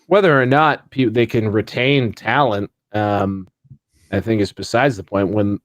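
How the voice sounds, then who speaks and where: A man's voice: fairly low pitch, dry recording. A man co-hosting a podcast in casual chat, rambling with many fillers and restarts. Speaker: podcast co-host.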